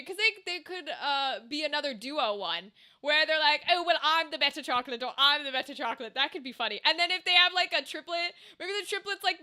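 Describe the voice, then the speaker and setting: A woman's voice: high voice, sharp tone. A young woman streaming, chatting casually and rambling to her viewers, humming and singing little tunes to herself between thoughts. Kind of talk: casual live-stream chat.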